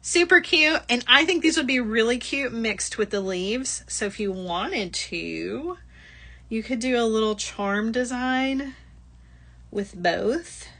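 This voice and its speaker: Bright, giggly woman hosting a live shop. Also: fairly high pitch, lively intonation, slow pace. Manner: chatty and giggly, laughs often. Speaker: livestream shopping host. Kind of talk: casual live product chat.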